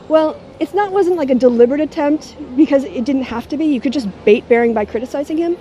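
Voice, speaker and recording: A middle-aged woman vlogs to a handheld camera held at arm's length, her delivery mocking and sardonic. Her voice sits a little high with a mellow, warm tone. Faint noise hums behind her. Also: animated, fast talker, muffled recording. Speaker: YouTuber. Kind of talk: casual talking-head vlog.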